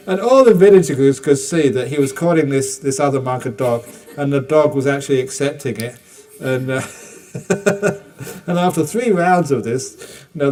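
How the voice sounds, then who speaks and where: A man's voice: mid-range voice, darkish tone, far from the mic. An older man giving a meditation teacher's dharma talk, answering retreat questions with humor and acted-out dialogue. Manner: humorous storytelling, acts out dialogue. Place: retreat hall.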